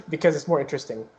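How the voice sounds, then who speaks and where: A man's voice: on the high side, mellow, poor audio. A young man running a tabletop game as game master, loose and joking, with lots of fillers.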